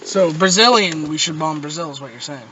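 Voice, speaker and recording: A man's voice: on the high side, fairly quick, highs cut off, background noise. A man co-hosting a podcast, trading sarcastic, profane banter. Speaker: podcast co-host. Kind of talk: casual chat.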